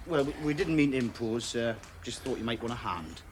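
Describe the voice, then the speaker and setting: A man's voice: mid-range voice, expressive, fairly quick, slight background noise, close to an everyday voice. An actor playing a friendly working man from northeast England with a Northeast English accent, coaxing and chatty. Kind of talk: television drama acting.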